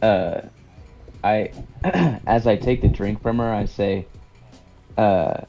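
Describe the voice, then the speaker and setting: Man player, very slow talk, lowish voice, slightly dull lo-fi mic. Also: dark tone, faint music behind. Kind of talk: tabletop game play.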